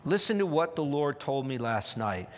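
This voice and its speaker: A stern old prophet cuts off excuses with forceful, emphatic rebukes, as a preacher plays him. The voice is raised and commanding. It echoes through a long hall reverb. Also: male voice, a little high, big pitch swings, moderate pace, a little hiss or hum.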